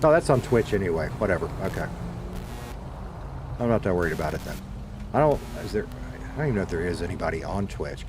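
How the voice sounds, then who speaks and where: A man's voice: low voice, big pitch swings, fast talker, pauses often, noisy background. A laid-back man with a Southern American accent, rambling casually to his stream chat, swearing now and then. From Southern United States. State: dehydrated.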